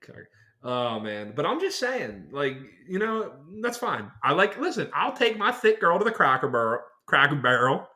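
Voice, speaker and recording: A man's voice: a little high, sing-song, moderate pace, pushed and bright. A man co-hosting a casual podcast, boisterous and profane, with a Western Pennsylvania accent, often slipping into exaggerated impressions. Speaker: podcast co-host. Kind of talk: casual chat.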